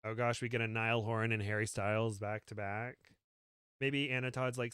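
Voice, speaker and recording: A man's voice: on the low side, level tone, moderate pace, a bit bright, clean tone, dry recording, studio quality. A man co-hosting a casual chat stream, reading aloud and making playful jokey asides. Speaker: podcast co-host.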